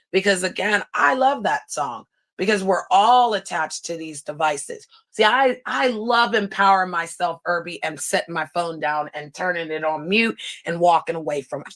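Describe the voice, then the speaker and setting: A woman's voice: lowish voice, a bit bright. A woman hosting a livestream, chatting casually with viewers, blunt and sarcastic, laughing often and reading comments aloud. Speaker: livestream host.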